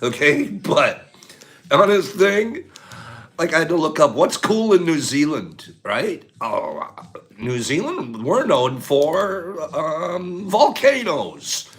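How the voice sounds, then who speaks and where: A man hosting a casual livestream, speaking in a slightly high voice that swings animatedly up and down. He gushes and laughs easily as he talks to his viewers. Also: very animated, slow, fairly bright tone. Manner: effusive, gushing, laughs often. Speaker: livestream host.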